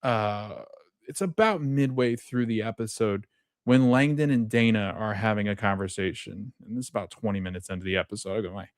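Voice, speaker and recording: A man's voice: on the low side, brisk, no room sound, studio quality. A man hosting a podcast, recapping a TV episode in casual, rambling talk full of fillers and restarts, early in the morning. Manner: rambling, with fillers and self-corrections. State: just waking up, coffee kicking in. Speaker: podcast host.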